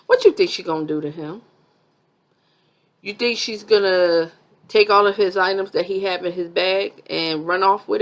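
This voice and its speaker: A woman vlogger giving a chatty, sassy review of a reality TV episode, full of asides. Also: lowish voice.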